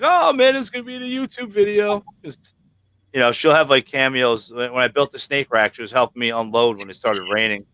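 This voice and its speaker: A man's voice: mid-range voice, bright, forceful tone, clear, resonant tone, dry recording. Male host, New York accent, casual joker, dry close mic. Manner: chatty, joking, swears casually. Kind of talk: casual livestream chat.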